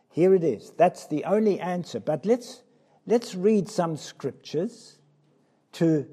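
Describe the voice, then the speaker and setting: A man preaches a sermon with passion, peppering his listeners with questions. He swings from loud cries down to low, quiet asides, and his voice has a breathy edge.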